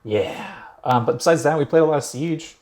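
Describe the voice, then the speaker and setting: A man's voice: on the high side, normal speed, darkish tone. A young man on a casual gaming podcast, enthusiastic and repeating his emphasis words. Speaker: podcast co-host. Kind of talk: casual chat.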